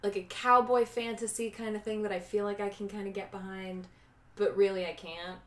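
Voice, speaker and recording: A blunt, sarcastic woman co-hosts a casual podcast chat, her pitch sitting mid-range for a woman. Her words often sink into low mumbles. The room around her sounds roomy and echoey. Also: level tone, a little fast, fairly bright tone. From Chicago. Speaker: podcast co-host.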